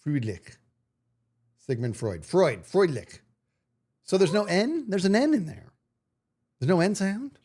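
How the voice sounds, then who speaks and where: Animated, playful male streamer. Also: sits high, unhurried, pauses often, husky. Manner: playful, animated, self-mocking. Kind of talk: casual livestream chat.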